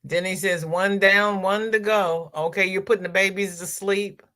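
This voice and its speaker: A woman's voice: mid-range voice, fairly even intonation, normal speed, pushed and bright. A woman hosting a crochet livestream, chatting casually as she reads viewer comments aloud and answers them.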